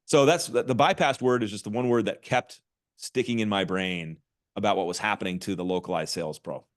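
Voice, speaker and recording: A middle-aged man talking casually as a podcast guest, animated and quick to restart his sentences with repeated words. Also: fairly low pitch. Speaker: podcast guest, author and marketing executive. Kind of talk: casual interview talk.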